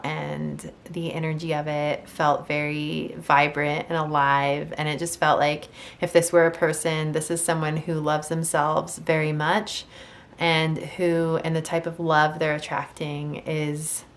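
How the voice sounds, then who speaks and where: A woman giving a casual tarot reading on video, chatty and gentle, with many ums and restarts. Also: fairly low pitch. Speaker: tarot reader. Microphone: camera mic.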